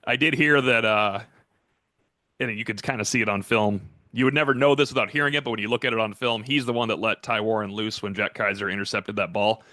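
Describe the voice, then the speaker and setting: A man's voice: on the low side, fairly even intonation, a little fast, pushed and bright, dry recording, clean studio sound. A man, a sports analyst, breaking down game film in casual, rambling talk.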